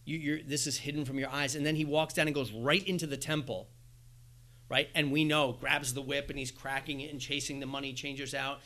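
A man preaching a sermon, animated, acting out little dialogues with asides. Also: mid-range voice, brisk. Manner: animated, acts out quoted exchanges with asides and laughs. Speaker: pastor.

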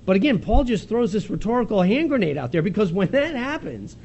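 Guy preaching a bible passage, fairly high voice that swings all over, chatty and animated, faint hiss behind him. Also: lo-fi sound. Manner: conversational, animated retelling with quick laughs and restarts. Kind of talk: expository sermon.

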